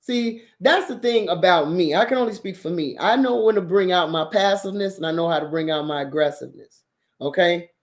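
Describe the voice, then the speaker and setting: A woman's voice: on the low side, a little fast. A woman hosting a show, talking casually to her viewers and giving blunt, profane dating advice with lots of laughter. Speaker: host.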